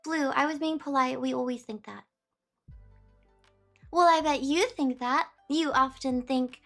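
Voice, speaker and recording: A woman's voice: sits high, unhurried, fairly bright tone, faint music behind. A young woman streamer rambling casually to her chat, saying "beep" aloud in place of words she bleeps out. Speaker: streamer chatting with viewers.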